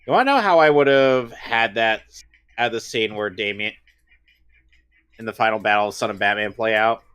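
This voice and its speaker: A man's voice: fairly low pitch, normal speed, fairly bright tone, clear, resonant tone. Opinionated man in long-winded chat. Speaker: co-host. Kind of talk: casual watch-along chat.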